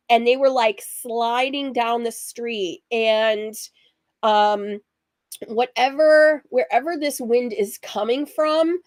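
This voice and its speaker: A woman hosting a sewing livestream, chatty and rambling, her voice husky from allergies. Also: on the high side, a little mellow, no room sound, clean studio sound. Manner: rambling, chatty, laughs often.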